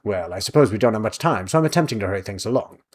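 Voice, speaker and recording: Older witch, dry and decisive, a touch low and distant, voiced by a man. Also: expressive, very fast, slightly rough. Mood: dry breezy. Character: brisk, wry older woman witch.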